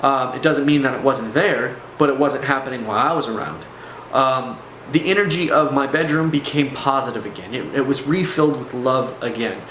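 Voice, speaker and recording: A man's voice: medium pitch, moderate pace, a bit bright. Rambling man telling a personal story. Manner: rambling, with fillers and restarts. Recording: echoey room, faint background noise.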